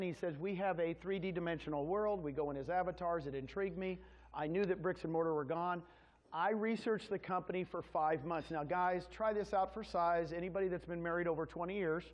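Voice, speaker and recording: High-voiced man giving a folksy sales talk. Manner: folksy storytelling, addresses crowd directly. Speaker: real estate presenter. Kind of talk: sales presentation to an audience. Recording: dull lo-fi sound.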